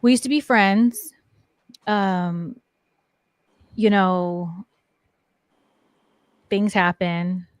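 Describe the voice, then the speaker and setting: A woman's voice: medium pitch, extremely slow, pauses often, smooth, dry recording, clean studio sound. A middle-aged woman, a guest on a talk show, telling personal stories casually, full of "like" fillers. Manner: chatty, many "like" fillers. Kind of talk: casual storytelling interview.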